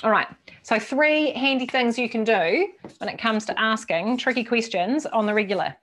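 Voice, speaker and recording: A woman giving a casual, lively workshop talk to a team, swearing now and then and acting out quoted voices. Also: on the high side, normal speed. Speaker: workshop presenter.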